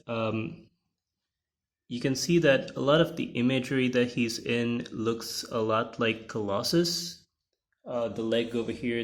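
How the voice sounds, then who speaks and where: A man giving casual, rambling commentary while flipping through comic pages, with many fillers and restarts. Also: mid-range voice. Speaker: comic book reviewer.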